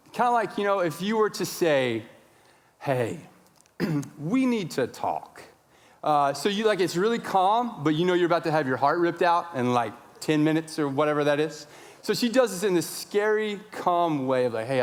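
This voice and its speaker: A man in his thirties, a pastor telling a story in a sermon, acting out his own shouting. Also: a little high. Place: large church sanctuary. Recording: long church reverb.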